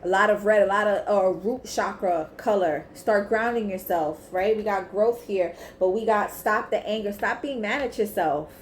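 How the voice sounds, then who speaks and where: A woman's voice: medium pitch, normal speed, few pauses, slight background noise. A woman giving a casual tarot reading to camera, blunt and emphatic, swearing freely. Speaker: tarot reader. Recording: echoey room with faint ambience.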